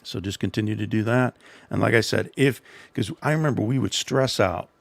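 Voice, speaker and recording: A man's voice: on the low side, fairly quick, vocal fry, dry recording. A middle-aged man hosting a livestream, telling a rambling, self-deprecating story and giving casual advice. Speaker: livestream host.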